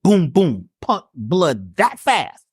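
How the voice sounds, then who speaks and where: A man's voice: high voice, wildly swooping pitch, slow, husky, dry recording, clean studio sound. A man being interviewed who teaches in an emphatic, preacherly way, firing off rhetorical questions and slang. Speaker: guest, spiritual healer and herbalist.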